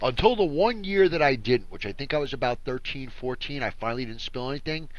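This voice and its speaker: A man's voice: medium pitch, brisk, dry recording, highs cut off. A man co-hosting a podcast, chatting casually and acting out his family members as he tells stories. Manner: animated storyteller, acts out family members. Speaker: podcast co-host. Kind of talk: casual chat.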